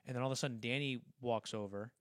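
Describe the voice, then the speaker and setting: A man's voice: medium pitch, quick pace, no echo. Young man rambling on a podcast, dry sound. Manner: rambling, animated retelling with many restarts. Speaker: podcast co-host. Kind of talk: casual film-discussion podcast.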